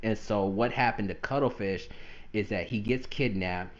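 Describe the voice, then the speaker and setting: A man hosting a gaming podcast in casual chat, animated and often laughing. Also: on the low side, moderate pace, lo-fi sound. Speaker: podcast host.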